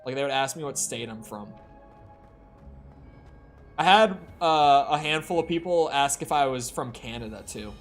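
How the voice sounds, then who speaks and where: A man's voice: medium pitch, animated, normal speed, long pauses. A man from the Upper Midwest streaming a video game, chatting casually and wandering off into stories. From Upper Midwest of the United States. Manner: rambling, storytelling asides. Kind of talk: casual chat while playing a video game. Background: faint game music.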